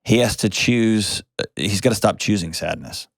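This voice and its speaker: A man's voice: on the low side, expressive, normal speed, gravelly, no echo, clean studio sound. A middle-aged man, hosting an advice show and talking with a caller in a direct, blunt, plainspoken way, repeating key phrases. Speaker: host.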